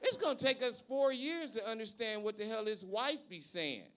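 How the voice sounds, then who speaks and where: A male stand-up comedian performing live on a club stage, brash and profane, shouting his punchlines. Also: high-pitched, lively intonation, moderate pace, a little hiss or hum.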